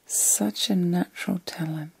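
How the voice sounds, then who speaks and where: A middle-aged woman hosting a whispered ASMR vlog from bed at night, talking in a slow, soothing and reflective way. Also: on the low side, fairly even intonation, creaky, slightly rough, no room sound. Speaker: ASMR host.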